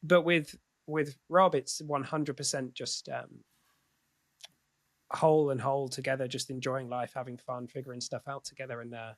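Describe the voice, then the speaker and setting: A man's voice: medium pitch, little pitch movement, moderate pace, no room sound. A man speaking as a podcast guest in candid, casual conversation, swearing freely and often restarting his sentences.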